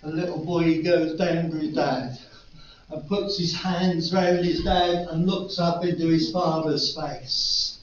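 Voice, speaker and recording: A man's voice: fairly high pitch, steady tone, slow, a little hiss or hum. An older man preaching a sermon, telling stories and rising to earnest appeals. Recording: echoey room, distant mic, dull sound.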